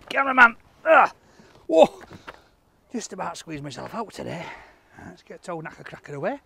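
A man hosting a food vlog, joking and calling out loudly while he drives and walks about. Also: a little high, a little hiss or hum. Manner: jokey, loud exclamations. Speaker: food vlogger host. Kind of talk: casual vlog chat. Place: car, then outdoors. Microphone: camera held by a cameraman.

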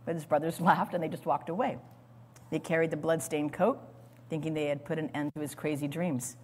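A woman teaching a sermon on scripture, dramatic and expressive, acting out the lines she quotes and calling for the next slide. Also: deep voice, fairly quick, husky. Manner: speaks to an audience, calls for slides. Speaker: Bible teacher. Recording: long hall reverb.

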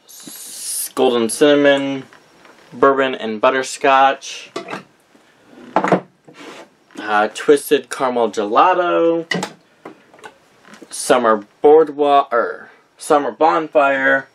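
Young male vlogger, unhurried and rambling, stops often to correct himself, faint hiss behind. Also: mid-range voice, gravelly, a bit bright. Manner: rambling, reads out names with frequent self-corrections. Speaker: vlogger showing a candle collection. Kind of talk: casual chat.

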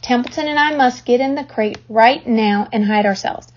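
A woman voicing a calm, wise female spider, heard on a dull lo-fi recording. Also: fairly high pitch, lightly acted. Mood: brisk. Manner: calm and deliberate.

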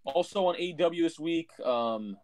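A man's voice: fairly high pitch, animated, normal speed, background noise. A man co-hosting a casual podcast, ranting bluntly and swearing freely. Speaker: podcast co-host. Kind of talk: casual wrestling podcast chat.

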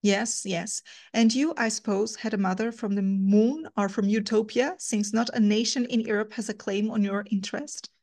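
A spirited young Swiss-English woman, proud and quick to defend her country, as a woman reader voices her. She answers in earnest, indignant bursts, at a middling pitch for a woman. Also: fairly even intonation, darkish tone, lightly acted.

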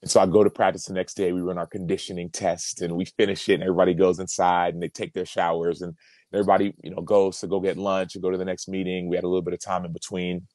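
Deep-voiced man telling a personal story. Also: flat delivery, fast talker, darkish tone, dry recording. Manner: earnest, reflective, repeats words as he builds. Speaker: podcast guest, former pro football player.

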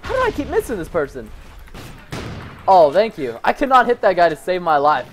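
A young man hosting a gaming channel, giving excitable gameplay commentary with lots of laughing and goofy stand-ins for swear words. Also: sits high, a little fast. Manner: jumpy, laughing, mild cussing substitutes.

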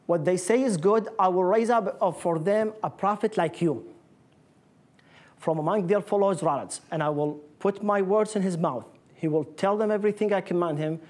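A man's voice: sits high, a little mellow. A man giving a public lecture with slides, explaining in earnest with non-native phrasing. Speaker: guest lecturer. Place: lecture room.

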